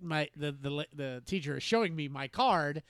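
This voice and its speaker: Halting, laughing man telling a story. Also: a little high, expressive, fairly bright tone, no room sound, studio quality. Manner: halting, self-deprecating, laughs often. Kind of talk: casual storytelling chat.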